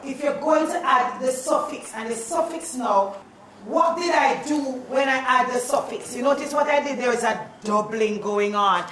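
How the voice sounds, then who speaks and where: Lively high-voiced woman teacher. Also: normal speed, a little hiss or hum. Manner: animated and playful, calls out questions. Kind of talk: classroom spelling lesson. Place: classroom. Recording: echoey classroom, mic at a distance.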